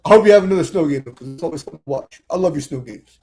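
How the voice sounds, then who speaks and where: A man's voice: fairly high pitch, lively intonation, fast, a little mellow. A man co-hosting a casual sports chat, barking orders at players in a mock drill-sergeant manner. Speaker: podcast co-host.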